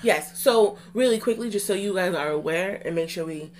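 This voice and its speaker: A woman's voice: mid-range voice, moderate pace, a little hiss or hum. A young woman co-hosting a podcast, chatting casually and rambling with restarts and fillers. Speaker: podcast co-host.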